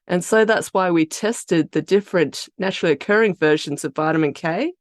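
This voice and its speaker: A woman's voice: fairly low pitch, fairly quick, dry recording. Australian woman explaining at a dry mic. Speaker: biotech company founder and CEO. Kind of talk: podcast interview answers.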